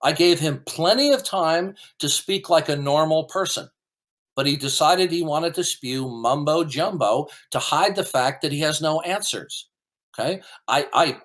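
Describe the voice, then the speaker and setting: A combative man hosting an online debate, his voice sitting a little high for a man. He argues in a dismissive, repetitive way, doubling words as he pushes each point. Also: fairly bright tone. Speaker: debate host. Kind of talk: heated debate commentary.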